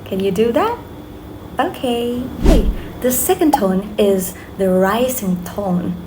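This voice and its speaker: A woman's voice: mid-range voice, lively intonation, noisy background. A young woman with a Vietnamese accent teaching a language lesson, speaking patiently and saying "okay" often. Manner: slow, patient, repeats drills, many "okay"s. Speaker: language tutor.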